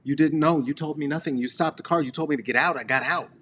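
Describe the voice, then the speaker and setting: A man's voice: on the high side, fairly bright tone, slight background noise, close to an everyday voice. A man voicing his younger self as a stubborn, defensive boy talking back to his mother. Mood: defiant. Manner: defensive, quick.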